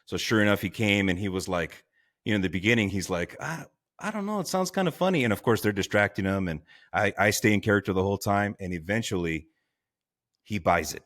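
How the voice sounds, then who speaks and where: A man with a very low, deep voice tells a story as a podcast guest. He talks casually and with animation, laughing along and acting out the voices of the people in his story. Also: fairly quick. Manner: animated, laughing, acts out quotes. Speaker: guest, firefighter.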